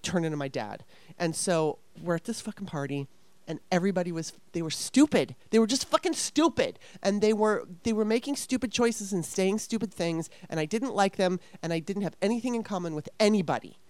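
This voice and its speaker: A woman's voice: fairly low pitch, a little fast, darkish tone, no room sound. A woman in her fifties telling a story casually, rambling and swearing with exasperation.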